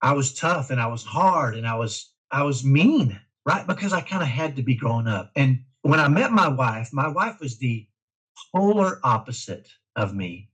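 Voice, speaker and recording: A middle-aged man from Dallas, a parent guest talking in an emphatic, energetic way in a casual interview. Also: mid-range voice, normal speed, breathy edge, low-quality recording. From Dallas, Texas. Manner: energetic, emphatic, self-described type A.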